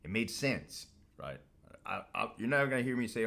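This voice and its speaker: A man's voice: on the low side, fairly quick, a bit bright. A man hosting a casual monologue to camera, talking in a blunt, profane, streetwise way. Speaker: host.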